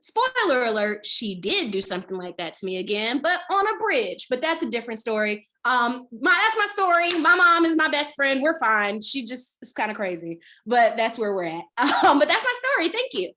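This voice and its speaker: A woman comedian telling a funny personal story over a video call, with an animated, dramatic comic delivery. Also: sits high, moderate pace, hardly any pauses. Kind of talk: storytelling performance.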